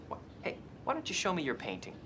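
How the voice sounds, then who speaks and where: A man's voice: a little high, huge pitch swings, fast talker, background noise. A man playing a pushy, meddling painting companion in a comic TV sketch, coaxing and bossy. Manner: bossy, cajoling. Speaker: sketch character.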